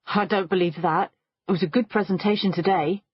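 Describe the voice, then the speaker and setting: A woman's voice: on the low side, steady tone, a little fast, husky, no room sound, highs cut off. A woman voicing a boastful man who chases thrills in an audiobook scene, speaking defensively. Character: adult man, a client, boastful thrill-seeker.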